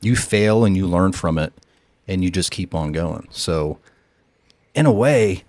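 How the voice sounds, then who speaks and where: A man hosting a podcast, talking in a thoughtful, measured way. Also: deep voice, lively intonation, darkish tone, dry recording. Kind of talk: casual podcast conversation.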